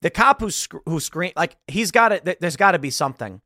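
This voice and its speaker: A man talking casually as host, lively and animated, laughing and acting out quoted lines. His voice is bright and sharp, recorded close and dry with no room sound. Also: high-pitched, brisk, no room sound. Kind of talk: casual commentary on a video.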